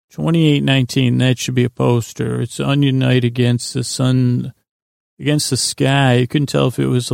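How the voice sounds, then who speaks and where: Guy with super gravelly fry voice rambling through a bedtime recap, dead dry sound. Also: mid-range voice, darkish tone, dry recording. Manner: meandering, loose retelling with many fillers. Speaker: podcast host.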